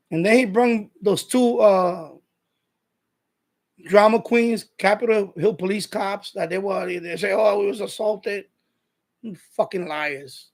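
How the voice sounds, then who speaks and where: Live stream host, New man, husky, profane and combative, casual rant. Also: sits high, a bit bright. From New York. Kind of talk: casual ranting monologue.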